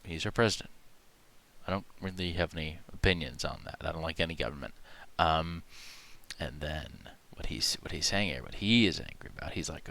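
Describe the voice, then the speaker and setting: Low-voiced man rambling mock conspiracy talk. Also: normal speed, gravelly. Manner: hesitant, rambling, full of fillers and asides; deadpan, mock-serious. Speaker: video host. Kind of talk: rambling parody conspiracy commentary.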